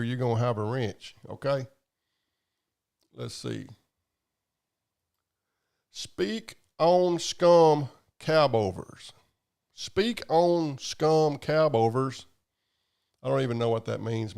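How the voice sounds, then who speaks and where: This man hosts a live stream, chatting in a rambling, profane drawl as he goes through viewer comments. His medium-pitched voice has vocal fry and a darkish tone, clear and resonant.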